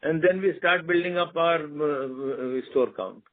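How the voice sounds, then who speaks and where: A man, an executive answering analysts on an earnings call, speaking haltingly with many fillers. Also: fairly high pitch. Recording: narrow phone line.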